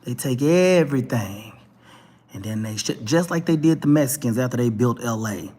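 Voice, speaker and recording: A man with a Texas twang delivers a fired-up talk-show monologue, blunt and full of swearing, driving each point home again and again. His voice sits in a middle register with a husky, slightly rough grain. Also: medium pitch, animated, moderate pace, mellow. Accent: Texan twang. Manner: blunt, emphatic, profane, repeats points. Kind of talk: ranting commentary monologue.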